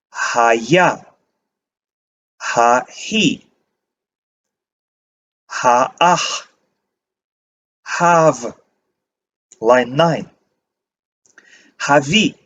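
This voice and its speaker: A man teaching a language lesson, reading word lists aloud and pausing to give short meanings. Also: mid-range voice, fairly bright tone, muffled recording. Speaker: Hebrew teacher. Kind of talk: slow vocabulary reading lesson.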